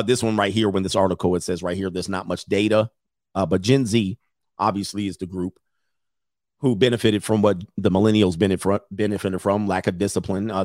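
A middle-aged man with a lowish voice reads from an article, peppering it with blunt, profane asides and frequent laughter. He gets animated and slides into mocking impressions. The recording is dry and studio quality.

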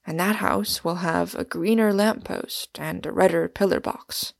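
A woman reading the lines of a huge, excitable young wanderer in an audiobook, in a slightly lower, gravelly voice. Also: a little slow, no room sound, clean studio sound. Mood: fervent.

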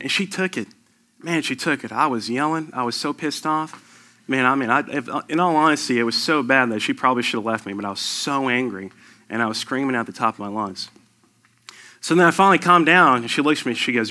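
A man's voice: medium pitch, quick pace, bright, forceful tone. A man in his thirties giving an earnest sermon, telling a personal testimony with rising emphasis. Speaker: lay preacher sharing testimony.

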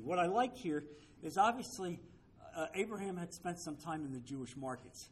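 A man's voice: high-pitched, lively intonation, moderate pace, a bit bright, a little hiss or hum. A man teaching a Bible study, emphatic, often checking with his listeners through rhetorical questions.

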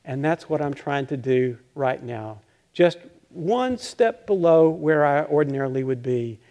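An older male pastor preaching a conversational, self-deprecating sermon, halting and restarting with light chuckles. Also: fairly high pitch, lively intonation, warm tone.

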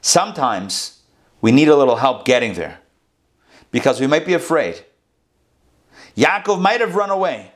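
A man telling a parable to a class in an animated storytelling sermon, acting out the animals' voices. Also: medium pitch, moderate pace, long pauses. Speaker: rabbi teaching a class.

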